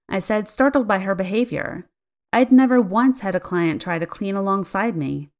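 A woman narrating a first-person story in an expressive, audiobook storytelling style. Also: medium pitch, moderate pace. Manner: expressive storytelling, acting out dialogue.

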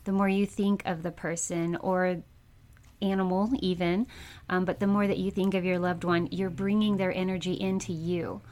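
A woman speaking as a psychic medium in a casual interview, telling her stories in a chatty, animated way and laughing often. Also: on the low side, normal speed.

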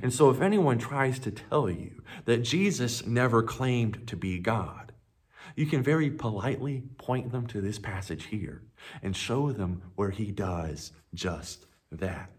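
Man preaching a sermon, husky voice, lively pitch, unhurried, emphatic. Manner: emphatic preaching, voice rising on scripture quotes. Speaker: pastor.

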